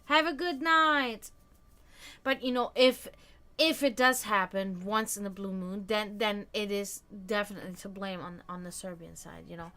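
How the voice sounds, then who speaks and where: A woman's voice: mid-range voice, fairly even intonation, normal speed, a bit bright. A woman hosting a casual livestream, chatting loosely with her viewers, full of fillers and restarts. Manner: chatty, answers chat comments, many fillers and restarts. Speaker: livestream host.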